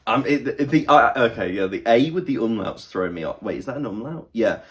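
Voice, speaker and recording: A man's voice: medium pitch, expressive, fairly quick, fairly bright tone. A man appearing as a guest presenter, joking and fumbling his way through the names. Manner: joking, fumbling, self-deprecating. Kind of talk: casual chat.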